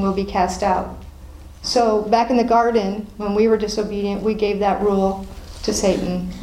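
A woman's voice: medium pitch, a little mellow. Woman leading a Bible study in a roomy space. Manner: reads passages aloud, then explains and quizzes the group. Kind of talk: reading scripture and teaching a group. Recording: roomy echo with faint noise.

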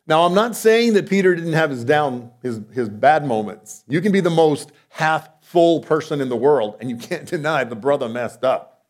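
A male preacher, animated and at normal speed, delivers a conversational sermon. Rhetorical questions punctuate it as he shifts from loud emphasis to quiet, low asides.

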